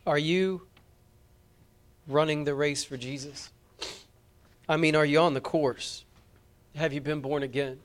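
A man's voice: a little high, steady tone, measured pace, long pauses. A man preaching a sermon as pastor, earnest and impassioned, appealing directly to his congregation.

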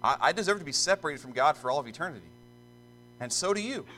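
Earnest preacher man, bright voice. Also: a little high, expressive, a little hiss or hum, low-quality recording. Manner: solemn, deliberate scripture reading, then earnest preaching with repeated restarts. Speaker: pastor. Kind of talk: sermon with scripture reading. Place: church.

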